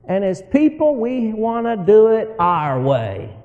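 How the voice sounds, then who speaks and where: A man's voice: high voice, takes it slowly, long reverb tail, lo-fi sound, soft background music. A man preaching a sermon as a folksy story, often chuckling as he talks. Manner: folksy, animated, laughs while telling his story.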